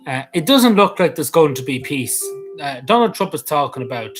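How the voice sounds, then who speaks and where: A man's voice: a little high, sing-song, moderate pace, music in the background, poor audio. A man with an Irish accent vlogging in a casual, rambling way, full of ums, restarts and offhand swearing.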